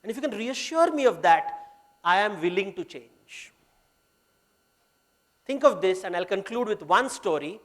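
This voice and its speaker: High-voiced Indian man giving a lecture. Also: lively intonation, measured pace, long pauses, fairly bright tone. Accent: Indian English. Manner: mixes Hindi phrases into English, retells myths. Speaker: workshop speaker. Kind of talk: storytelling business lecture.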